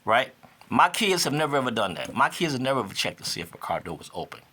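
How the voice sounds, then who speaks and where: Talking casually to camera, a vlogger in his fifties uses a mid-range, bright and forceful voice with big pitch swings and a quick pace. He hammers points by repeating them and builds to indignant outbursts.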